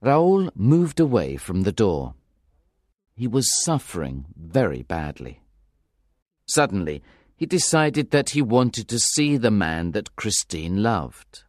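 A male narrator reads a storybook aloud in a lowish voice that rises and falls expressively. He goes slowly and carefully, and the recording is close and dry. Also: sing-song, a little mellow, no room sound. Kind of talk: audiobook reading of a graded reader.

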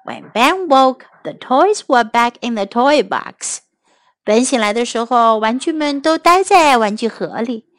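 A woman teacher reading a children's story aloud in two languages, clear and expressive. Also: a little high, no echo. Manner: clear, expressive, slow English then Chinese.

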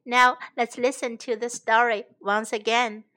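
Bright-voiced woman teaching English slowly. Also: a little high, level tone. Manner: slow, repeating phrases for learners. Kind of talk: bilingual language lesson.

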